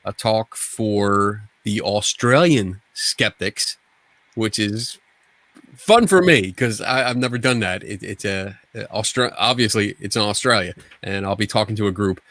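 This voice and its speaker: A man's voice: fairly low pitch, measured pace, fairly bright tone, no room sound. Rambling man on a podcast, dry sound. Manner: rambling, frequent restarts and profanity. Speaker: podcast co-host. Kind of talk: casual podcast chat.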